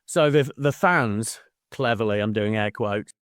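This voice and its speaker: A man's voice: lowish voice, measured pace, smooth, no echo, studio quality. A man co-hosting a casual podcast about a book, swearing freely and laughing partway through sentences. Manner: swears freely, laughs mid-sentence, mimics people in quotes. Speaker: podcast co-host. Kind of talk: casual book-club chat.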